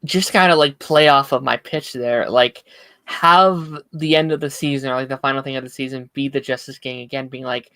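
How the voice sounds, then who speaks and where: A man's voice: fairly even intonation, moderate pace, bright, forceful tone, smooth, no echo. Laid-back man, dry sound. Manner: laid-back, pitching ideas. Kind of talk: casual chat.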